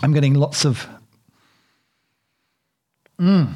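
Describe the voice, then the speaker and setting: A man's voice: fairly high pitch, takes it slowly, mellow. A man hosting a casual chocolate tasting, chatty and rambling, poking fun at himself. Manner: chatty, rambling and self-deprecating.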